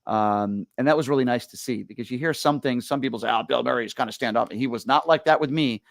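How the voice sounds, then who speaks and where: Fast-talking male radio host. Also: mid-range voice, gravelly, no echo. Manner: rapid, animated, stumbling restarts. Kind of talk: casual storytelling chat.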